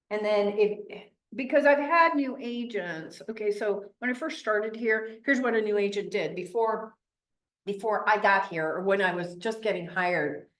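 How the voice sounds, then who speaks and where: A woman with a Midwestern American accent teaching a real estate class, telling stories with chatty, animated acted-out quotes. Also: medium pitch. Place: training classroom. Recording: echoey room.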